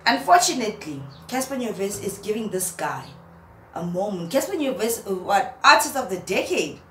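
A young woman, a vlogger, roasting someone in a mocking, animated rant to camera and laughing at her own jokes. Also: medium pitch, normal speed. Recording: roomy echo, faint background hum.

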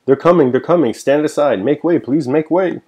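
A man's voice: on the high side, moderate pace, dark tone, husky, voice pushed up. A man putting on a giddy young joker officer. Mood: breathless excitement. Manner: breathless, gleeful.

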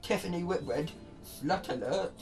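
A man's voice: a little high, lively intonation, moderate pace, darkish tone, soft background music. A man joking around and coaching a friend through a game, teasing and playful. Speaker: co-player. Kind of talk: casual let's-play banter.

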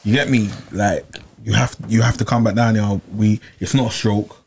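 A young man, telling a long personal story in casual chat, animated and repeating himself, full of slang. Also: lowish voice, moderate pace, creaky, husky. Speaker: podcast regular.

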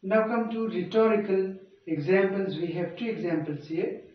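A man's voice: high voice, normal speed. A man giving a grammar lecture in a classroom, often stopping to check that listeners follow. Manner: checks understanding with frequent rhetorical prompts. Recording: echoey, dull room sound from far off.

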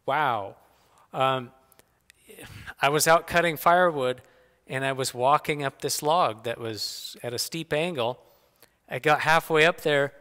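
Bright folksy man telling a story. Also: medium pitch. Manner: folksy, animated anecdotes. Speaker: church speaker. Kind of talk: personal storytelling talk. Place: church sanctuary. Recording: long hall reverb.

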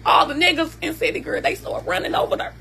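A woman tells an emotional personal story in a high, bright, sharp voice. She talks emphatically and keeps checking in with her listener, asking "you hear me?" again and again. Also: steady tone, fast, creaky, slight background noise. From Southern United States.

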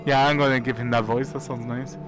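A man's voice: medium pitch, little pitch movement, brisk. Joking man narrating VR gameplay. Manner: joking, playful, makes silly sounds. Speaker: gamer. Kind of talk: VR gameplay commentary. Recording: loud game music behind.

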